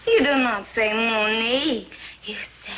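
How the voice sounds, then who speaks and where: A swooning señorita. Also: female voice, on the high side, slow pace, a bit bright. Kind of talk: 1950s sitcom acting. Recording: very noisy old TV soundtrack.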